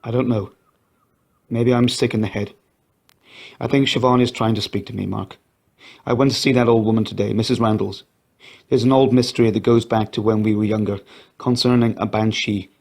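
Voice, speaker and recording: A man's voice: fairly low pitch, steady tone, fairly quick, vocal fry, long pauses, darkish tone. A man voicing a distressed grown woman who pleads through tears in a read-aloud audio story. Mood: tearful pleading. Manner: pleading, voice raised.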